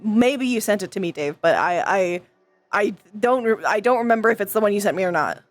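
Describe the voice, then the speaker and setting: A woman's voice: medium pitch, animated, brisk, no room sound, soft background music. A woman streamer venting to her chat in casual talk, frustrated, swearing often and stumbling over restarts.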